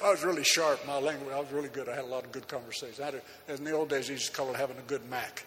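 A man preaching a sermon, telling a personal story in an animated, folksy way, with frequent laughs and fillers. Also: medium pitch, racing, hardly any pauses, very noisy. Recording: long hall reverb, faint background ambience.

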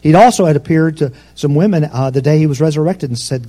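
A man preaching a sermon in a conversational, storytelling way, with asides to the congregation, rising in pitch and force to stress a point. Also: animated, fast talker, warm tone, husky. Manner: rises in pitch and force for emphasis.

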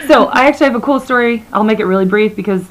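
A young woman co-hosting a podcast in rambling casual chat, her voice slightly hoarse and froggy. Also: mid-range voice, rapid-fire, slight background noise, poor audio. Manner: rambling, chatty, laughs often. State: slightly hoarse, froggy from talking loudly at a bar. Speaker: podcast co-host.

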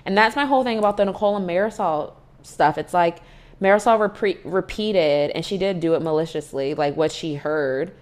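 Low-voiced young woman, rambling chat. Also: fairly quick. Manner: rambling, restarts, many fillers like "like" and "you know". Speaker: podcast co-host. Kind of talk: casual chat recapping reality TV.

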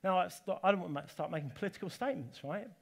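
A man from England delivers a sermon with a fairly high voice. He preaches emphatically, swinging between forceful declarations and casual, conversational asides to his listeners in a church hall. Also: lively intonation, rapid-fire, vocal fry.

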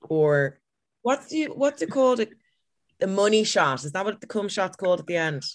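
A woman's voice: medium pitch, lively intonation. A woman from Ireland with a Dublin accent, a comedian guest bantering and teasing on a podcast video call. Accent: Dublin Irish. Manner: teasing, quick-witted banter. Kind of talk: casual podcast chat.

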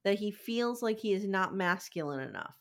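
A woman's voice: medium pitch, animated, moderate pace. A woman co-hosting a podcast in casual chat, frank and opinionated, laughing easily. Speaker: podcast co-host.

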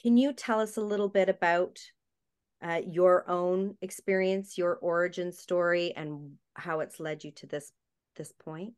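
Female interview host, lowish voice, calm and affirming. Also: unhurried, clean tone.

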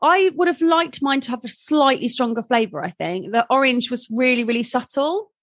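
A woman's voice: sits high, expressive, moderate pace, dry recording, clean studio sound. A woman co-hosting a podcast, chatty and giggly in casual conversation. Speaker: podcast co-host. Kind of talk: casual chat.

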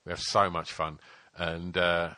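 A man with a very low, bright, forceful voice, chatting loosely on a podcast. He swears freely, teases his co-host and fills pauses with ums. The sound is close and dry. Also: monotone, no echo. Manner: swearing, teasing, filler-heavy. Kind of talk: casual chat.

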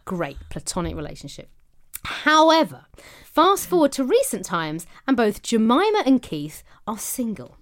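A woman's voice: a little high, huge pitch swings, moderate pace. A woman co-hosting a podcast, telling a story in a gleeful, swearing, casual way. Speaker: podcast co-host.

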